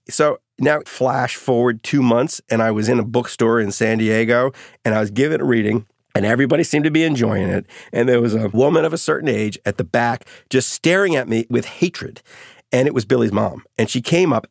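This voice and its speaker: A middle-aged man, an author being interviewed, telling anecdotes in a lively, casual way. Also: medium pitch, moderate pace, creaky, dry recording, clean studio sound, soft background music. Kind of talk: storytelling interview.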